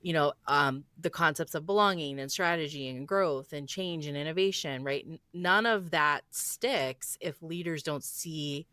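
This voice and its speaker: An enthusiastic woman co-host with a very low voice keeps a casual podcast chat going. She leans on a lot of fillers. Her sound is dry and close to the mic. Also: unhurried, few pauses, pushed and bright, dry recording. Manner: enthusiastic, filler-heavy, lots of "like" and "yeah". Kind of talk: podcast conversation.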